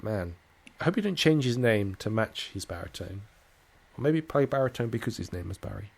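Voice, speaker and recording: A man's voice: on the low side, big pitch swings, brisk, gravelly. A man reading a visual novel aloud for a storytelling channel, adding playful asides. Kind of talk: casual playthrough narration.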